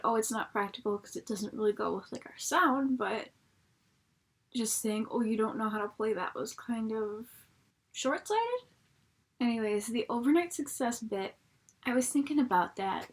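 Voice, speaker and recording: Young woman, husky voice, somewhat high, chatty, rambling, swears freely, home laptop vlog. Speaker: reviewer. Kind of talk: casual spoken review.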